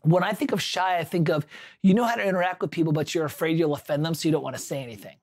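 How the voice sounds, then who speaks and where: This man's voice sits on the high side and races along as he hosts a livestream. He chats casually, wanders through an anecdote while correcting himself, and responds to his viewers' chat.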